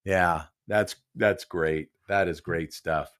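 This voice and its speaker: A man's voice: low-pitched, fairly even intonation, slow pace, a bit bright. A man in his sixties hosting his own podcast alone, rambling casually with frequent chuckles and restarts. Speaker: podcast host. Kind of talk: casual solo podcast monologue.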